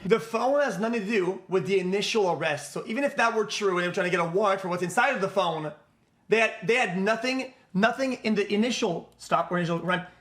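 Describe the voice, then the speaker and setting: A man reacting to a video on a live stream, talking bluntly, swearing and repeating himself in quick bursts. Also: high-pitched, fairly bright tone.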